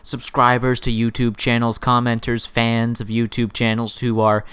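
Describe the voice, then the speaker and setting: A man in his twenties ranting in an unscripted vlog, rambling and sarcastic, with sudden jumps in pitch. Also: monotone, normal speed, a bit bright, clear, resonant tone, dry recording. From Canada. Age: 20s. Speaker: gaming YouTuber.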